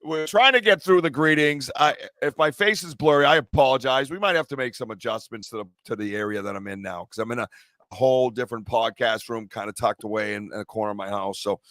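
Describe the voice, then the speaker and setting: A man's voice: medium pitch, quick pace, fairly bright tone, no room sound, studio quality. A man hosting a podcast from a small room tucked in a corner of his home, chatting casually, teasing his guests and laughing often. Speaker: podcast host. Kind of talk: casual joking podcast chat.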